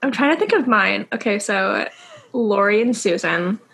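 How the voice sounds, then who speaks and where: A woman's voice: mid-range voice, animated, normal speed, gravelly, a bit bright, slightly rough, poor audio. A young woman co-hosting a podcast, chatting animatedly about a book with giggles and fillers. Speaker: podcast co-host. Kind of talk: casual chat about a book.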